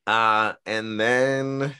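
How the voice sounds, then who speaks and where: A man's voice: lowish voice, steady tone, drawn-out words, pushed and bright, smooth. A man hosting a casual podcast chat, joking and laughing often as he moves the talk along. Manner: jokey, laughs often, leads the segments. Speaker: podcast host.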